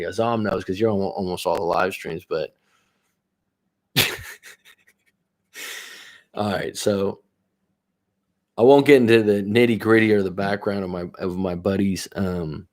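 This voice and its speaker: A life coach with a lowish, slightly mellow voice tells a story on a live stream while coaching. His delivery is casual, rambling and profane, and he often interrupts himself to restart sentences.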